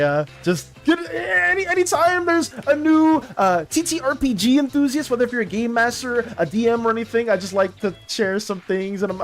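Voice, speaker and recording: Animated rambling streamer voice, lively pitch. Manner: rambling and animated, many restarts and fillers. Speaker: livestreaming artist chatting with viewers. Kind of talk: casual livestream chat.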